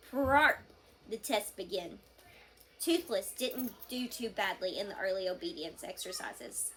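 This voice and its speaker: A woman reading a children's novel aloud to a class, with expressive storytelling. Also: mid-range voice, slight background noise.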